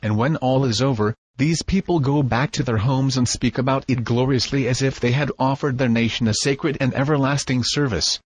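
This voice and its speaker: A man narrating a book in a measured, formal reading voice. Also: medium pitch, breathy edge, no echo. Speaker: audiobook narrator. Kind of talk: scripted narration.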